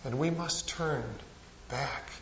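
A man's voice: medium pitch, takes it slowly, slight background noise. A male pastor preaching a sermon, telling stories with rising and falling emphasis. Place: church sanctuary. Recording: echoey church, dull lo-fi sound.

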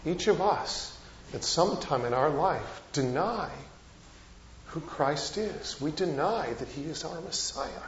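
A man's voice: fairly high pitch, animated, takes it slowly, a little hiss or hum. A male pastor preaching a sermon, telling stories with rising and falling emphasis. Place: church sanctuary. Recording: echoey church, dull lo-fi sound.

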